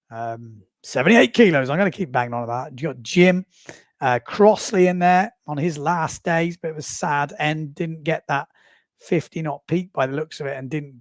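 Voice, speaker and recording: Chatty man in his forties, gravelly. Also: fairly high pitch, no echo, clean studio sound. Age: 40s. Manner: chatty, rambling, self-amused. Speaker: livestream host. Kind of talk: casual live commentary.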